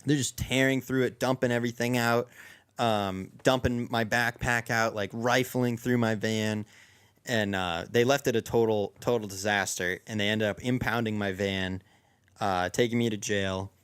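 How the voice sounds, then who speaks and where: A man's voice: lowish voice, fairly even intonation, normal speed, a bit bright, clean tone. A young man casually telling a long story among friends, rambling with lots of restarts and fillers. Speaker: podcast co-host.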